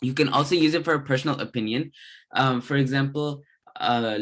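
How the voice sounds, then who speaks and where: A man tutoring a grammar lesson, explaining step by step in a deliberate way with occasional fillers and restarts. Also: mid-range voice.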